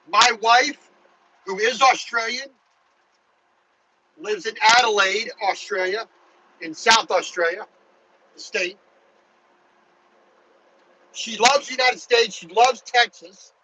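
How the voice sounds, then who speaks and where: A man's voice: high-pitched, pushed and bright, husky, rough recording. A truck driver talking casually to his viewers while driving his truck, in a chatty, rambling way. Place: truck cab on the highway.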